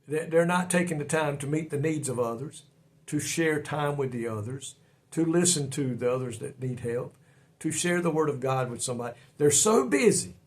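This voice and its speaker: Male preacher, folksy and earnest, slightly high voice, daily devotional. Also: darkish tone. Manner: folksy, earnest, repeats words when stumbling.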